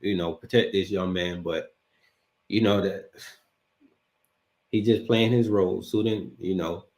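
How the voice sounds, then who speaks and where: A man hosting his channel, giving halting reaction commentary with chuckling asides. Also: sits low, fairly even intonation, a little mellow. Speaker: host commenting on a clip.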